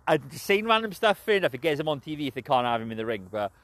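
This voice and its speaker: A young man rambling through his opinions in a loose, unscripted way, swearing freely and breaking into laughter. His pitch jumps around a lot as he gets worked up. The sound is dry and close, with no room echo. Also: very animated, rapid-fire, a bit bright. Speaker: wrestling show reviewer. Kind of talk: casual spoken recap and opinion.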